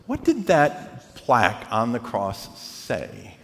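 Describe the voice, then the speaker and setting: A man preaching a sermon as pastor, animated, often checking in with the congregation by asking "right?". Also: mid-range voice, takes it slowly, in a large hall.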